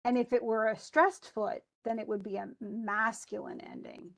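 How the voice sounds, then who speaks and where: A woman's voice: fairly high pitch, fairly even intonation, moderate pace, vocal fry. A woman teaching an English class, reading a poem aloud and then explaining its stresses with frequent restarts. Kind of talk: classroom lesson.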